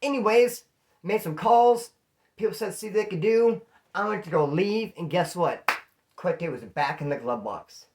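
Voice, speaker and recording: A man from California telling stories in a casual, animated way, acting out the voices of the people in them. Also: fairly high pitch. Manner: animated, acts out quoted voices. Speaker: storyteller host. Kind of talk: casual storytelling.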